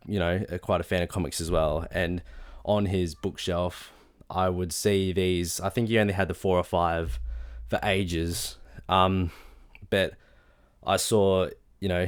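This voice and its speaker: A young Australian man chatting casually in a video journal, enthusiastic and rambling, with many fillers and restarts. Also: deep voice. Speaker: vlogger.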